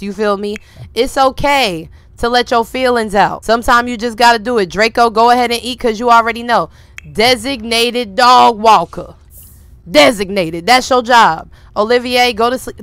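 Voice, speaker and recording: A woman streamer giving casual, animated, slangy commentary to her viewers while playing a life-simulation game. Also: on the high side, moderate pace, dry recording. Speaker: gaming streamer.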